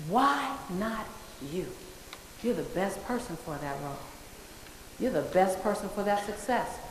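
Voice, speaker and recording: A woman's voice: on the high side, slight background noise. A woman giving a motivational speech to an audience, emphatic and repeating her key phrases for effect. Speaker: motivational speaker. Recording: echoey hall with long reverb.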